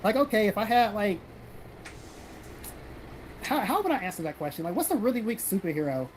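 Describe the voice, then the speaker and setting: A man's voice: sits high, lively intonation, brisk, slight background noise, low-quality recording. A man from South Carolina hosting a casual livestream, reading viewer comments aloud and answering them bluntly with plenty of swearing. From South Carolina, American South. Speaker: livestream host reading chat.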